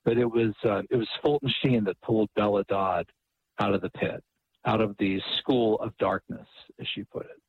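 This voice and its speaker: Male author guest, husky, dull radio-line sound, animated storyteller who repeats words. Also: fairly low pitch, moderate pace, no room sound.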